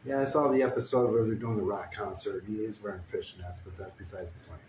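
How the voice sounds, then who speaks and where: A man telling a crude, meandering comic story with deadpan asides. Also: lowish voice, fast. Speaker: comedic storyteller. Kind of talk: rambling improvised comic story. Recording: echoey room with faint ambient noise. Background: guitar playing.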